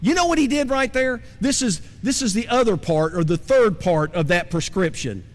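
Animated high-voiced male preacher in a reverberant hall. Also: normal speed. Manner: conversational preaching, asks the congregation questions. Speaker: pastor. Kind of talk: sermon. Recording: long reverb from a large hall.

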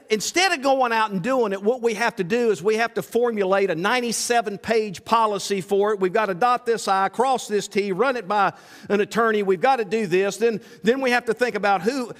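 A man preaching a sermon as a pastor, asking rhetorical questions and repeating himself as he builds his points. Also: high voice. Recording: long hall reverb.

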